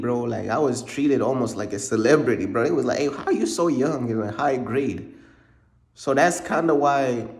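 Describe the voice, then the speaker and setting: A young man from Uganda telling a casual storytime in a slangy, repetitive way, dropping in "bro" all the time. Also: medium pitch. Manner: slangy, repeats points, drops in "bro" often. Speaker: vlogger. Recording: roomy echo.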